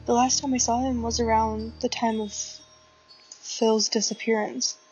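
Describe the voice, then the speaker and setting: A woman reading a fan story aloud, voicing a worried middle-aged mother who speaks softly and pleadingly. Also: a little high, little pitch movement, a little slow, faint music behind, lightly acted, rough recording. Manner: soft, pleading.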